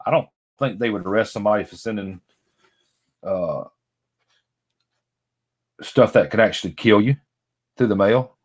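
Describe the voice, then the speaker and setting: A man's voice: fairly low pitch, moderate pace, pauses often, husky. A middle-aged man, chatting casually and rambling to viewers by name as he unboxes toys. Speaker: vlogger. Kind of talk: casual chat while unboxing.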